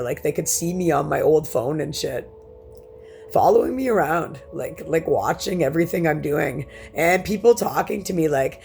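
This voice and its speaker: Gravelly woman ranting emphatically. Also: sits low, moderate pace, a little mellow, soft background music. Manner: emphatic, profane, rambling rant. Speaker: vlogger. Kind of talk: personal monologue to camera.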